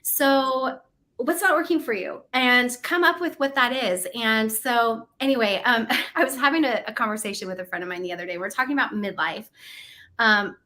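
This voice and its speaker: Upbeat midlife woman host, bright forceful voice, chatty and encouraging on a livestream. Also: sits high. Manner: chatty and encouraging, laughs often. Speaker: co-host of a goal-setting livestream. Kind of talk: casual motivational talk.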